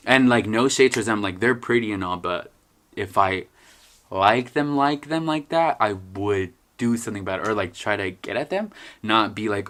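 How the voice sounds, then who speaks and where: A man's voice: on the low side, moderate pace, a bit bright. A young man telling stories in a casual vlog, rambling, joking and swearing freely. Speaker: vlogger.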